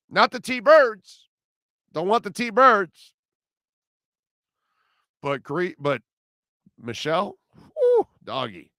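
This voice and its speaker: A man's voice: a little high, pushed and bright, no echo, clean studio sound. A man hosting a sports radio show, rambling and joking loosely about old movies. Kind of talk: casual sports talk.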